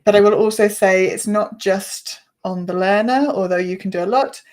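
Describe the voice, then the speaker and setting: A woman teacher explaining pronunciation in a patient, measured way as a guest in a conversation. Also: mid-range voice, darkish tone. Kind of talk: explanatory chat.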